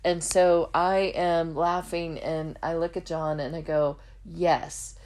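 A woman's voice: low-pitched, flat delivery, takes it slowly, darkish tone. A woman podcast host telling her personal faith testimony in an earnest, heartfelt way, acting out the dialogue in her story.

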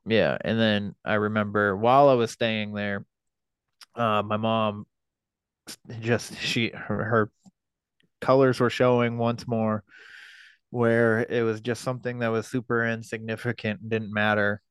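A man in his thirties, a podcast guest telling a personal story in a halting, profane way, with many fillers and restarts. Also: lowish voice, level tone, a bit bright, smooth, dry recording.

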